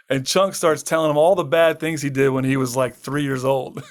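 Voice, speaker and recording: Animated storytelling man, slightly higher voice. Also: normal speed. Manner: lively anecdote teller who acts out quoted lines, laughs often. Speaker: guest, permaculture farmer and author. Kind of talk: animated storytelling in a podcast interview.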